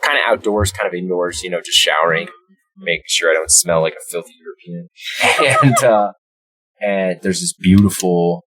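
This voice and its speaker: A man's voice: sits low, normal speed, over a noisy crowd. A man in his thirties hosting a podcast who chats casually and tells rambling stories with many fillers and easy laughs. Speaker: podcast host. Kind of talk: casual chat, storytelling.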